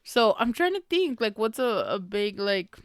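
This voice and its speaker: A woman's voice: mid-range voice, big pitch swings, measured pace, no echo, clean studio sound. A woman hosting a podcast, chatting casually and laughing often as she recaps a book. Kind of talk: casual chat.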